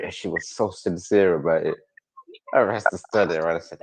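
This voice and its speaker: A man's voice: low-pitched, wildly swooping pitch, normal speed, vocal fry, pauses often, husky, no echo. A man chatting on a stream, retelling stories while he keeps breaking into laughter. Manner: laughing storyteller. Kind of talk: casual reaction chat.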